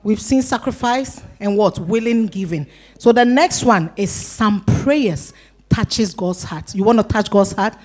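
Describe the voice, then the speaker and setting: Woman pastor, animated preacher who acts out crowd voices. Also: medium pitch, unhurried. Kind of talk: sermon.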